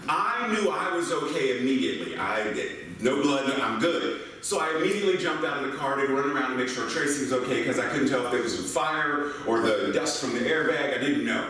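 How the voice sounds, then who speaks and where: A man's voice: medium pitch, brisk, few pauses. An older American man giving a sermon as a minister, telling playful stories and asking the congregation questions. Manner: animated, playful storytelling with rhetorical questions. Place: church sanctuary. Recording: echoey hall mic from far off.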